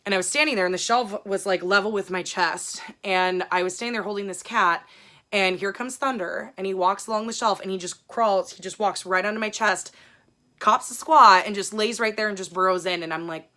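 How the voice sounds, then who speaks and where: A woman's voice: mid-range voice, fairly quick, pushed and bright. A woman chatting casually to her viewers in a rambling, frank way, swearing freely. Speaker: book vlogger. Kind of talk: casual chat.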